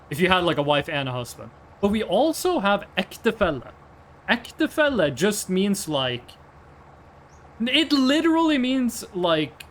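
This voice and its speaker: A man's voice: high-pitched, slight background noise. A Norwegian man with a Norwegian accent, chatting casually as a streamer, rambling and swearing often. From Norway. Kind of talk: casual chat.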